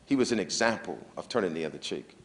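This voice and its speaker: A man's voice: low-pitched, animated, fast talker. A man giving a religious lecture in a conversational, reflective way. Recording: long reverb of a large hall.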